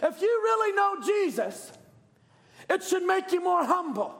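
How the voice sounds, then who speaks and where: Male preacher, fervent shouted sermon, very high pitch, gravelly fry. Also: very animated, unhurried.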